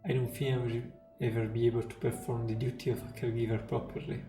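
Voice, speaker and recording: A man voicing a gentle, world-weary man who speaks quietly. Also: medium pitch, little pitch movement, fast talker, natural voice. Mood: calm. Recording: roomy echo, faint music.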